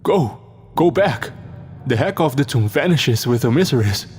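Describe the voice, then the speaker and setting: A man doing a weakening old sorcerer shouting. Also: medium pitch, expressive, moderate pace, slightly rough, big-room sound, faint music behind. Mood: urgent. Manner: shouting commands.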